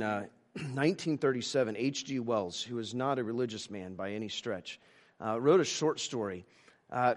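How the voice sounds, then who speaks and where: A male pastor preaching a sermon, halting with many restarts, moving between emphatic lines and hushed ones. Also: on the high side.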